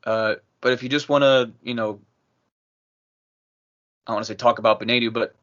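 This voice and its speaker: A man hosts an interview, hesitant and filling pauses with "uh" and quick agreement. His pitch sits in the middle range. The audio is a little muffled, like a video call. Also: fairly even intonation, a bit bright. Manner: hesitant, many fillers, frequent affirmations. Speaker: interview host. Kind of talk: conversational interview.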